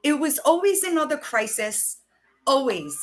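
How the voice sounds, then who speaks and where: Woman host, bright forceful voice, casual swearing livestream chat, talks while scrolling her phone. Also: mid-range voice, animated, slow pace. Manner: chatty, swears, reads out messages while searching her phone.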